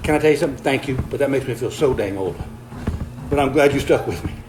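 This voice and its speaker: This older man talks fast in a mid-range voice, captured in a low-quality recording. He chats casually on a livestream, reading viewer comments while on a treadmill, sounding a bit out of breath, folksy and easygoing, with frequent chuckles.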